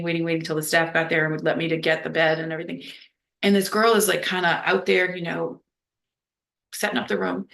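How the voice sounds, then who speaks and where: A woman's voice: lowish voice, gravelly, a bit bright. A woman from New Orleans telling a candid personal story, rambling with lots of "like" and blunt swearing. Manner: rambling, heavy use of "like", blunt and profane. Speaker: vlogger.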